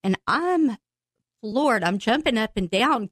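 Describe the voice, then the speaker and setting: A woman guest on a podcast telling her personal faith testimony with emotion, laughing and breaking into excited outbursts as she tells it. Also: on the high side, takes it slowly, husky, no room sound.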